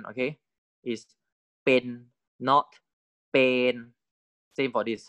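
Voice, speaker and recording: A man's voice: fairly low pitch, fairly even intonation, fairly bright tone, dry recording. Dry-voiced man teaching a lecture. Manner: deliberate, keeps checking in with "right?" and "correct?". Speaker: Thai language teacher. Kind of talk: recorded lecture.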